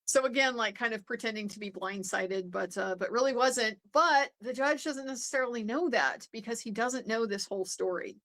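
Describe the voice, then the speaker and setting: A legal commentator gives a casual, conversational recap of a trial, with many fillers and restarts. Her voice is fairly high and fairly bright, at a moderate pace with few pauses.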